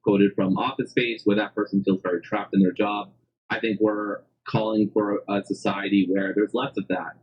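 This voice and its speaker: Hesitant husky man in lo-fi clip. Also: fairly low pitch, little pitch movement. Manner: hesitant, halting, many fillers. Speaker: interviewee in a played clip. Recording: dull lo-fi clip.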